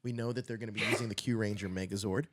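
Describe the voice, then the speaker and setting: A man's voice: on the low side, fairly even intonation, very fast, background noise. A man hosting a casual fan livestream, speculating loosely with many fillers. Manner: rambling, filler-heavy speculation. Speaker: host.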